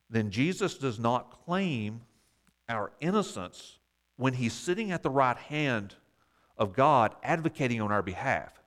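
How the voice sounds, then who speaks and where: Male Bible class teacher, explanatory, mid pitch, wry asides.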